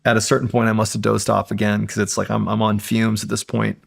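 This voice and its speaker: A man's voice: fairly low pitch, little pitch movement, fast talker, vocal fry. A man, a podcast guest, telling a suspenseful true story in casual conversation, building tension and often saying "like".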